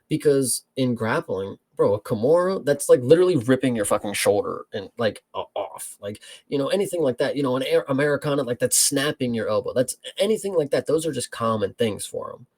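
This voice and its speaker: A man co-hosting a fight review show, talking bluntly and swearing as he argues his picks. His voice has a gravelly, creaky edge at a middle pitch. He speaks casually to his co-host and the listeners. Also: darkish tone. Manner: blunt, swears freely, calls listener bro. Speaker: podcast co-host. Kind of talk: casual chat, fight analysis.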